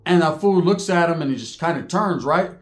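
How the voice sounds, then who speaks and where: Middle-aged man, storyteller; lively pitch, slangy, slips into others' voices. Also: a little fast. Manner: street slang, animated retelling, mimics other inmates' voices. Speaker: podcast storyteller. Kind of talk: casual storytelling.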